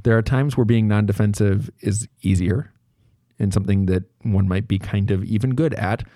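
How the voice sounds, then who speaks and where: Here a podcast host in his thirties talks alone into the mic with a warm, lowish voice at a moderate pace. It's studio quality with no room sound, and he rambles openly, often stopping to correct himself and start his sentences over.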